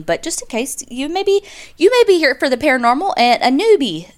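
A woman's voice: high-pitched, very animated, fairly quick. A woman, casually telling a true-crime story as a podcast co-host, chatty and full of "like.". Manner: chatty, lots of "like", acts out quotes.

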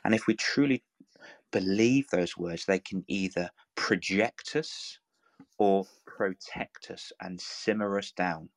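A man talks warmly in an encouraging, motivational way, repeating phrases and restarting as he presses a point. His voice sits low. The sound is dry and close, with no room around it. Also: takes it slowly, dry recording. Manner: earnest, repetitive, coaxing, full of restarts. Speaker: live audio room speaker.

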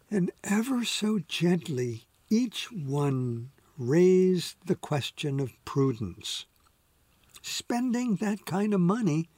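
A man narrating an audiobook in a measured, gentle storytelling manner. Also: fairly high pitch, husky, no echo. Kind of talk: scripted narration.

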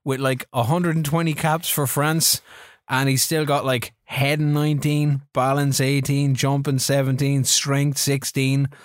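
A man's voice: mid-range voice, no room sound. Dry-voiced man telling game stories. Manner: animated storytelling, quick bursts, rising in surprise. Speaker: podcast co-host. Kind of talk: casual chat about a football management game.

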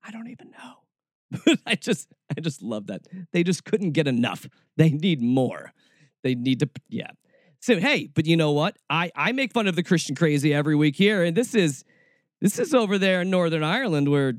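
A man's voice: no echo, clean studio sound. Sarcastic man hosting a podcast. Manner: sarcastic, mocking, jumps into high, shrill bursts. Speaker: podcast host. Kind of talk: satirical commentary.

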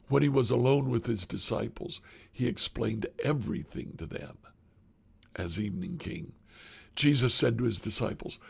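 A man reading a Bible passage aloud in a measured, plain way. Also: medium pitch, gravelly, breathy edge. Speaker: scripture reader.

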